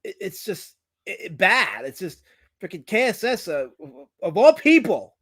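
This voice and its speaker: Male livestream host, casual banter, teasing, somewhat high voice, very lively pitch, loud outbursts. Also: moderate pace, husky, dry recording. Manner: animated, teasing, swings between loud outbursts and mumbling.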